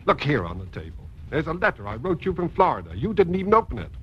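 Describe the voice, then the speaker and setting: An actor playing a jealous, quick-witted husband who talks with dry sarcasm, in 1950s radio acting. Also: male voice, fairly high pitch, wildly swooping pitch, a bit bright, husky, heavily acted. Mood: earnest. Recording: dull lo-fi old radio broadcast.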